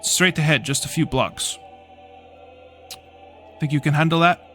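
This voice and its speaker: A man voicing a gruff, commanding male mage with a Scottish accent, swearing as he gives orders. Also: on the high side, unhurried, sharp tone, faint music behind. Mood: urgent.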